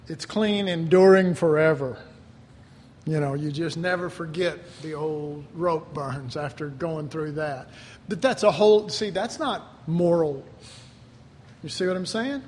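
A man preaching a sermon in a rambling, conversational way, full of fillers and asides. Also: high voice. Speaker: pastor. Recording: long reverb with faint ambient noise.

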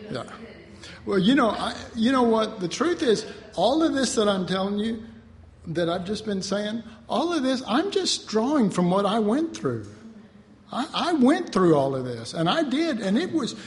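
A man's voice: high-pitched, very animated, moderate pace, long reverb tail. A man preaching a sermon with self-mocking humor, acting out little dialogues in changing voices.

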